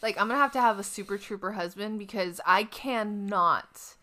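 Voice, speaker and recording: A woman chatting on a podcast, expressive and emphatic, often laughing. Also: mid-range voice, normal speed. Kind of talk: casual chat.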